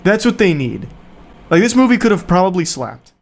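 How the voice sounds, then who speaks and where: A man's voice: high voice, very animated, moderate pace, creaky. Sarcastic, profane man ranting about movies. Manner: sarcastic, profane, acts out characters mid-story. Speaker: commentator. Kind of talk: casual movie review rant.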